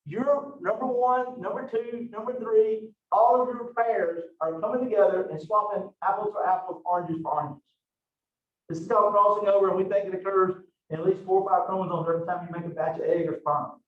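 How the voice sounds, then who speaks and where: A man teaching a biology lecture, lively and joking at his own expense, with frequent rhetorical questions. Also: high-pitched, brisk. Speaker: biology instructor. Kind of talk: recorded online lecture. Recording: roomy, distant, dull lo-fi mic.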